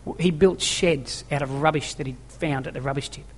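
This pastor's voice is a little high, slightly rough, and steady in tone, and he moves at a brisk clip. Preaching forcefully to the congregation in an echoing church hall with long reverb, he repeats key phrases and poses rhetorical questions.

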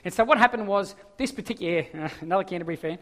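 An Australian man preaching a sermon as a pastor, telling stories in an animated way. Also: high voice, racing. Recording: long hall reverb.

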